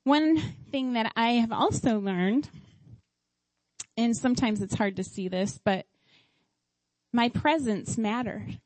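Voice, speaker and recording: A woman's voice: a little high, slow, long pauses, darkish tone, no echo, poor audio. A middle-aged woman, a mother, telling family stories in a casual faith-based talk, acting out her own past lines with animation. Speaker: mother sharing parenting stories.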